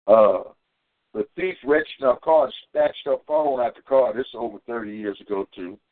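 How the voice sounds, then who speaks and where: A man's voice: normal speed, dry recording. Fervent preacher man on a tinny phone line. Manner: fervent storytelling, climbing high for quoted shouts. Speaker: preacher on a community call. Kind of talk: sermon with personal testimony.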